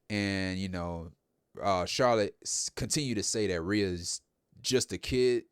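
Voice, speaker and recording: Low-voiced man recapping wrestling, rambling. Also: dry recording, clean studio sound. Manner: chatty, rambling, repeats himself. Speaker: host. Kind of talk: casual wrestling show recap.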